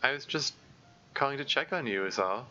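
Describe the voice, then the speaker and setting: A caring teenage girl who leads a club, her voice lifted noticeably higher than the reader's own, as a man reads her part. She speaks softly and reassuringly. Her tone is bright, and the home mic sounds a little dull and lo-fi. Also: lively intonation, brisk. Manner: soft and reassuring.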